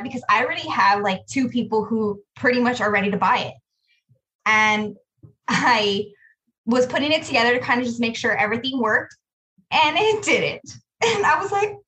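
A woman with a slightly high voice tells a story on a casual podcast. She is animated and acts out what she said at the time as she recounts running her own business. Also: measured pace, low-quality recording. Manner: storytelling, animated, quotes herself. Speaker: business owner, podcast co-host.

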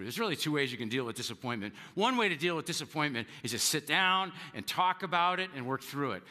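A man preaching a sermon as pastor, earnest, stumbling over repeated words and playing out quoted spouses with sudden high outbursts. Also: big-room sound. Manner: earnest, repeats words when starting sentences; acts out quoted spouses with sharp jumps in pitch.

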